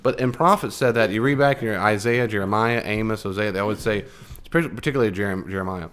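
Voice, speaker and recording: Speaking quickly and smoothly, this American teacher runs a casual Bible study class with a fairly low yet somewhat bright voice. He repeatedly turns to his listeners with questions and dramatizes each scripture line he cites.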